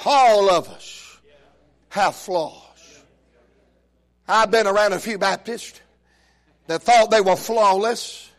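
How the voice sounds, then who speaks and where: An older man delivers a sermon in a strikingly high voice. He takes his time, drawling out folksy jokes and stories. Now and then he builds up to shouted praise. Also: slow pace, long pauses. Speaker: pastor. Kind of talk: humorous sermon with storytelling.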